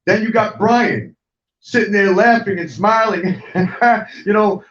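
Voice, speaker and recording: A middle-aged man hosts a heated, profane online rant, hammering his points at viewers and repeating himself. His voice sits a little high for a man. He is picked up from a distance in an echoey room, and the sound is dull. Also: slow pace, fairly bright tone. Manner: angry, profane, repetitive, talks straight at viewers. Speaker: host of an online talk show.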